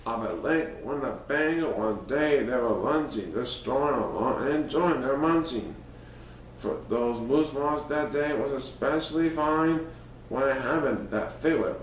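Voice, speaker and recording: A man's voice: mid-range voice, expressive, a little slow, a little hiss or hum. Man reading a rhyming storybook. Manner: playful, sing-song rhyming delivery. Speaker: storyteller in a cat costume persona. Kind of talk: reading a rhyming picture book aloud. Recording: roomy, distant mic, faint ambience.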